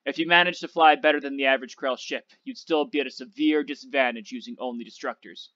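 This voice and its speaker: A clipped, commanding old flight instructor with a sarcastic edge, voiced by a man reading aloud. His voice sits at an ordinary middle pitch. The recording is dull and dry, with no room sound. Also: steady tone, fast, a bit bright, no room sound, lightly acted. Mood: instructing.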